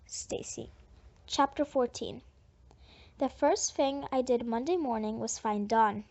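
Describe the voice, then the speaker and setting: A woman reading a children's audiobook in first person, in a plain, even way. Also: fairly high pitch, unhurried. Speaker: audiobook reader. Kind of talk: first-person storybook narration. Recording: dull lo-fi audiobook recording.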